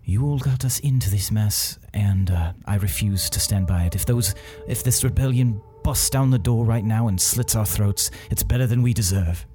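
A man's voice: lowish voice, moderate pace, few pauses, mellow, faint music behind, natural voice. A man playing a bitter, guilt-ridden prisoner in a tabletop game.

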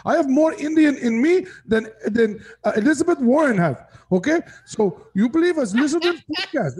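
A man's voice: extremely high pitch, expressive, moderate pace, a little mellow. A podcast co-host, a man, joking through comic banter in a put-on voice that he keeps up the whole time. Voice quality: playful mock voice held throughout.

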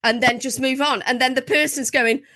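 A woman's voice: high-pitched, fairly even intonation, normal speed, bright, forceful tone, dry recording. A woman in casual podcast chat who swears freely and laughs often. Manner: laughs often, acts out her own inner voice. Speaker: podcast guest.

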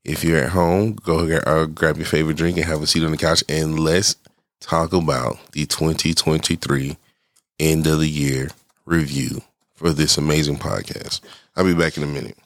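A man's voice: extremely low pitch, steady tone, moderate pace, a bit bright, no room sound, studio quality. A middle-aged man hosting a casual solo podcast, sounding congested and talking in a loose, rambling way that keeps interrupting itself. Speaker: podcast host.

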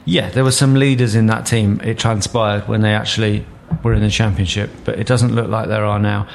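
A man's voice: on the low side, level tone, brisk, gravelly, a little hiss or hum. A man hosting a casual sports podcast, steering the chat with dry joking asides. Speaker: podcast host.

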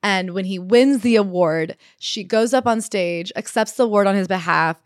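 A woman co-hosting a casual book-recap chat, retelling the story in a quick, animated way with quoted asides. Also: mid-range voice, no echo, clean studio sound. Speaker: podcast co-host.

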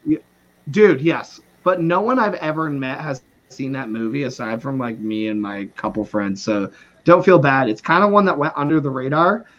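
A man's voice: medium pitch, animated, moderate pace, fairly bright tone, lo-fi sound. A man who is a podcast guest, talking in a loose, rambling way, swearing freely and often trailing off and starting over. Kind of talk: casual chat.

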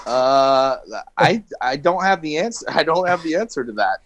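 Radio co-host dude, kinda higher voice, laughing and riffing on the history stuff. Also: male voice, lively intonation, normal speed, fairly bright tone, rough recording. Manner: loose, laughing, jokey segment presenter. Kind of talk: casual radio banter.

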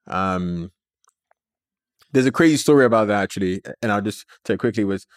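A man, a company founder, telling a story as an interview guest in an animated way, with many filler words. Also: lowish voice, no echo, studio quality.

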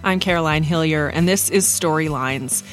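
A woman's voice: deep voice, moderate pace, faint music behind. Woman hosting a documentary podcast. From Newfoundland and Labrador. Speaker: podcast host. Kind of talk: documentary podcast narration and street interviews.

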